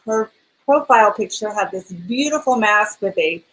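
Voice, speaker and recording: A woman co-hosts a relaxed interview show in a chatty way, often breaking into laughter. Her voice sits at a middle pitch for a woman. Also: normal speed, low-quality recording. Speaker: talk show co-host. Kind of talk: casual video-call interview.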